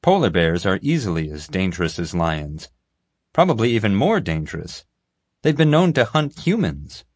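A man's voice: sits low, very animated, moderate pace, breathy edge, exaggerated voice. A male narrator voicing a caring, earnest father in an audiobook. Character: reassuring, knowledgeable father.

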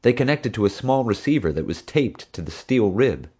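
Low male narrator, steady scripted read. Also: normal speed, slightly rough. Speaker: audiobook narrator.

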